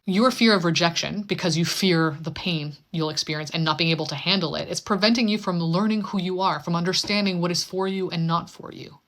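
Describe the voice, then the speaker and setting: Woman, lower pitch, earnest motivational coaching delivery. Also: brisk, hardly any pauses, fairly bright tone. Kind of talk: motivational talk.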